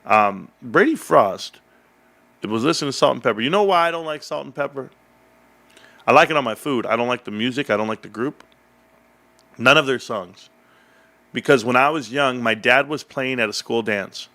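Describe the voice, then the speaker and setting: A man's voice: medium pitch, moderate pace, pauses often. A man hosting a casual livestream, rambling and joking as he chats and reads the chat. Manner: rambling, animated, jokey. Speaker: livestream host.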